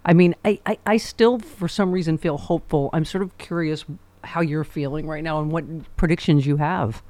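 A woman hosting a radio talk show, chatty and quick to laugh during a casual interview. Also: deep voice, steady tone, mellow, dry recording.

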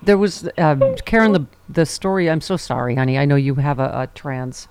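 A woman's voice: deep voice, fairly even intonation, normal speed, slight background noise. Talk show host woman, easygoing. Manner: warm and conversational, takes calls. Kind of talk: casual talk radio.

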